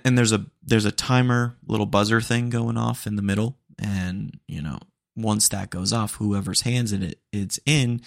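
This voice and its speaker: A young man talks through a casual solo podcast, rambling and animated, with plenty of fillers. His voice sits low and has a gravelly, fried edge. The recording is close and dry, with no room sound. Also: no echo. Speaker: podcast host.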